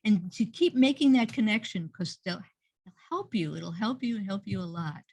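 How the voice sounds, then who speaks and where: A woman's voice: medium pitch, expressive, moderate pace, a little mellow, husky, dry recording. A woman hosting an online workshop over a video call, praising participants effusively and often repeating her words. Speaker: workshop host and teacher. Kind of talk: encouraging group workshop feedback.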